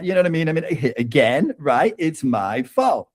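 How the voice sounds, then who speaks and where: A man's voice: a little high, sing-song, moderate pace, few pauses, darkish tone. A man guest on an interview podcast, telling a personal anecdote with frequent laughs and "right?" tags. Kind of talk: conversational storytelling interview.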